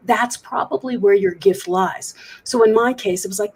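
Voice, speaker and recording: Woman, motivational coach, interview guest, husky, earnest, reflective, remote call. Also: on the high side, moderate pace, hardly any pauses, darkish tone, poor audio. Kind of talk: interview guest, personal story.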